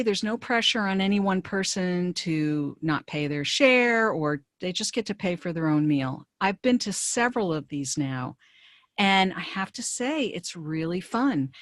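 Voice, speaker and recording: A woman career coach presenting a webinar in a conversational, brisk way, with frequent fillers and restarts. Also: mid-range voice, no room sound, clean studio sound.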